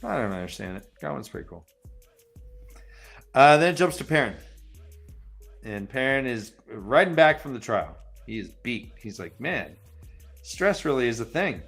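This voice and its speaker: A man's voice: medium pitch, very animated, normal speed, gravelly, long pauses, fairly bright tone, breathy edge, soft background music. A man casually recapping book chapters on a chat show, loose and joking, sliding into playful character voices and crude asides. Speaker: podcast host recapping chapters.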